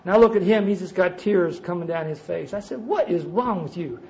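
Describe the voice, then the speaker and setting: A man's voice: high voice, fairly quick, a little mellow, poor audio. A middle-aged man, telling his recovery story to a meeting in a folksy, self-mocking way. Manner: folksy, self-mocking, addresses listeners as guys.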